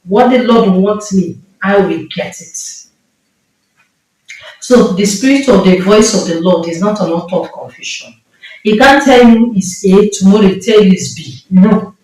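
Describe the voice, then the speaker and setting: A woman's voice: mid-range voice, unhurried, a little mellow. A woman with a Nigerian accent preaching a sermon with impassioned, emphatic delivery and repeated phrases. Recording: echoey room, mic far off.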